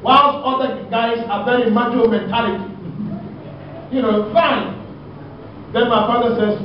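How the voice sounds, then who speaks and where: A male preacher with a strikingly high voice tells his story in a chatty, animated way, drawing out words for emphasis. He is captured from a distance in a heavily echoing lecture hall. The recording sounds dull and muffled, with a faint hiss underneath. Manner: conversational, animated, with drawn-out emphasis. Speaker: Islamic preacher. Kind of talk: storytelling sermon.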